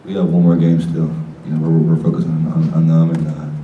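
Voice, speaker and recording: A young college basketball player answering reporters haltingly, with many fillers. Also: male voice, extremely low pitch, monotone, narrow, tinny audio. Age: young adult. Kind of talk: post-game press conference answers. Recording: roomy echo, mic far off, faint noise.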